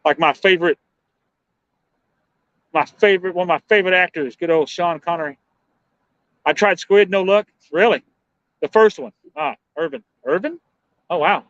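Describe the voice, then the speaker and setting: A man's voice: sits high, normal speed, pauses often, no echo. Laid-back man rambling through a fishing stream. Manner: relaxed, rambling, muses aloud and answers viewers. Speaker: fishing livestream host. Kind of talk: casual live-stream chat. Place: outdoors fishing at night. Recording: dull, dry lo-fi sound.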